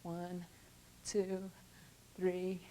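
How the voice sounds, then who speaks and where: A woman's voice: lowish voice, completely flat delivery, very slow, dark tone, slight background noise. Woman calling out dance counts. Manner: calls out counts and moves in short cues. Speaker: dance instructor. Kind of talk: step-by-step dance instruction.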